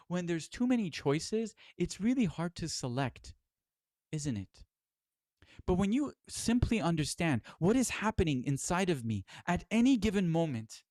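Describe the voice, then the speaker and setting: A man's voice: fairly high pitch, darkish tone, no room sound, clean studio sound. A middle-aged man giving a spiritual lecture as its teacher, earnest and exhorting, with casual swearing.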